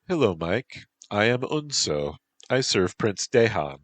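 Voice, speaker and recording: A man's voice: lowish voice, very animated, measured pace, dry recording, voice pushed up. A man voicing a reserved, formal woman who serves a prince, speaking stiffly.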